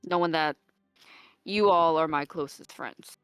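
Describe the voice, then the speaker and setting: A woman playing a tabletop role-playing game, speaking haltingly with many restarts. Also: low voice, fairly bright tone, clean tone, no echo, soft background music. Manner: hesitant, halting, full of restarts. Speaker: player. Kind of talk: tabletop role-play chat.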